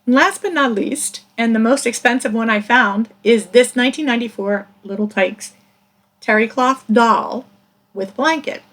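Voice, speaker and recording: A woman's voice: fairly high pitch, normal speed, a bit bright. A middle-aged woman chatting casually as a reseller vlogger, rambling and laughing now and then, with hiccups breaking in. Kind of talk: casual chat.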